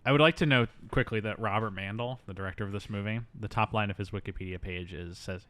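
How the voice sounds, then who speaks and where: A man's voice: fairly low pitch, fast talker, hardly any pauses, fairly bright tone, no echo. A man hosting a casual movie review podcast, rambling and jokey, now and then slipping into silly voices. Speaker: podcast host.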